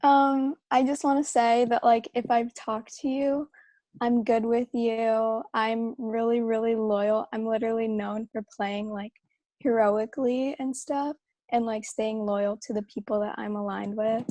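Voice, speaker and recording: A woman's voice: on the high side, flat delivery, unhurried, warm tone, no room sound. A woman contestant making a rambling, pleading speech full of fillers. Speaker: game contestant. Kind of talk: casual eviction plea.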